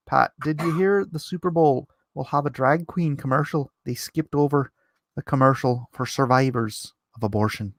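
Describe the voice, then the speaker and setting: A man hosts a casual livestream, reading viewers' comments aloud and answering in a rambling, self-deprecating way. His voice is mid-range at a measured pace, recorded clean in a studio with no room sound.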